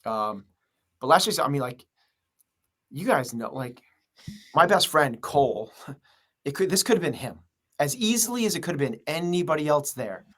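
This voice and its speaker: A man's voice: a little high, sing-song, normal speed, pauses often, fairly bright tone. Earnest, rambling man as a guest. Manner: earnest, rambling with many fillers. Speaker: gym owner and coach. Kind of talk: podcast interview guest.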